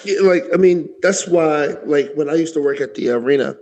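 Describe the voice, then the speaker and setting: A man co-hosting a casual wrestling podcast, talking in a relaxed, sometimes halting way. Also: fairly high pitch, low-quality recording. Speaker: podcast co-host.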